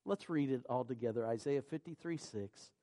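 A man preaching a sermon, reading scripture in a measured cadence and rising to loud, emphatic peaks. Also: medium pitch.

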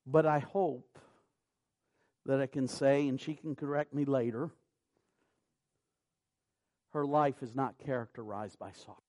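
A man preaching a sermon, moving from quiet, slow scripture reading to loud, impassioned preaching. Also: medium pitch, fairly even intonation. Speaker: pastor.

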